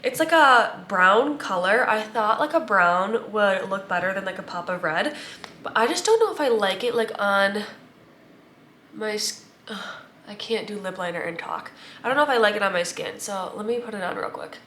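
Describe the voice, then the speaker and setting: A woman's voice: medium pitch, lively intonation, normal speed, sharp tone, echoey room, a little hiss or hum. Chatty congested young woman vlogging. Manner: rambling, filler-heavy, chatty. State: congested, stuffy nose. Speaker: vlogger, new mother. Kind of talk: casual chatty vlog. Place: at home and in a car.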